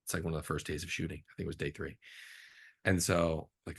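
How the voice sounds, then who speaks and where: A man, a film director, telling animated behind-the-scenes stories in a casual interview, jumping up in pitch when he acts out disbelief. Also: fast, gravelly, slightly rough. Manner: animated storyteller, swings up sharply in pitch for incredulous reactions.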